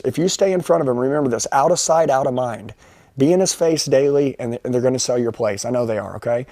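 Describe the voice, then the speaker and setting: A man making a persuasive sales pitch over the phone, pushy and reassuring, repeating his promises. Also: warm tone, no room sound. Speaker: sales trainer on a live sales call.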